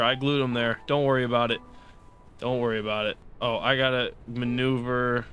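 A young man doing let's play commentary, excitable and sarcastic, pleading and shouting at the game as he plays. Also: medium pitch. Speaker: gaming YouTuber.

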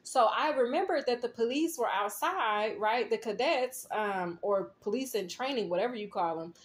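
A woman's voice: on the high side, expressive, moderate pace. A woman in a casual tarot reading vlog, telling a dream and rambling, often checking in with "okay?" and "right?". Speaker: tarot reader.

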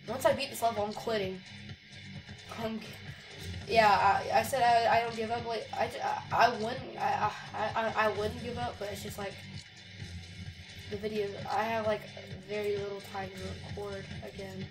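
A woman's voice: mid-range voice, steady tone, moderate pace, poor audio. A woman giving rambling, joking commentary while playing a video game. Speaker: gamer. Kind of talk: let's play commentary. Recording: game music playing behind.

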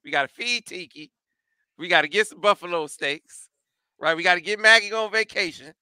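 A man's voice: high-pitched, moderate pace, pushed and bright, clean tone, no echo. A man hosting a sports talk show, asking questions in a joking, easygoing way. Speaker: show host. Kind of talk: casual interview chat.

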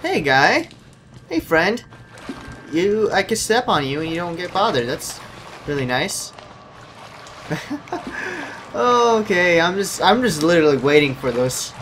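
Jokey game commentator, very lively pitch. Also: male voice, slow, long pauses. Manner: jokey, yelps and shrieks when scared; chatty, talks to game characters. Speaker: gameplay commentator. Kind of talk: horror game let's play commentary. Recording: noisy home recording.

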